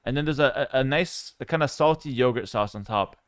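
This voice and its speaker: A man talks loosely to his stream, relaxed and rambling, with plenty of fillers. His voice is smooth and resonant, mid-pitched. The sound is dry and close to a desk mic. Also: a little fast, no echo. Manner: relaxed and chatty, with frequent fillers. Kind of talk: casual livestream chat.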